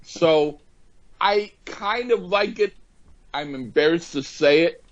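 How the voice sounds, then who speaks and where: A man co-hosting a podcast in casual banter, swearing a lot and yelling at his friends in jest. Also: on the high side, takes it slowly, dull audio. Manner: profane, excitable, yells in jest. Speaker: podcast co-host.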